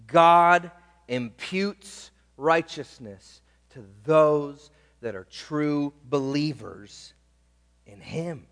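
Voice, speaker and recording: Man, pastor, sermon, high voice, slow deliberate delivery, emphatic, long hall echo. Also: fairly bright tone, clean tone. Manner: emphatic, stretches key words, asks the congregation "right?".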